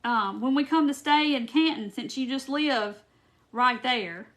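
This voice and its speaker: Woman, high voice, casual chatty storytelling, live crafting stream. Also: a little slow, a bit bright. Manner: chatty, storytelling, says "y'all". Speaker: craft host. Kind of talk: casual livestream chat while crafting.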